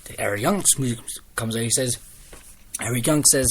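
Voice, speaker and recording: A man giving a casual spoken review of a wrestling show, rambling and excitable, restarting sentences as he retells the matches. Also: mid-range voice, normal speed, slight background noise. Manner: rambling, excitable recap with restarts and quoted lines.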